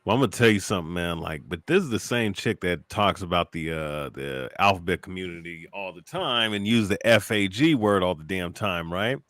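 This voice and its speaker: A low-voiced man ranting in a heated, profane way during a casual online chat. His voice sounds dry and close. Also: animated, brisk, few pauses, fairly bright tone, no room sound. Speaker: guest.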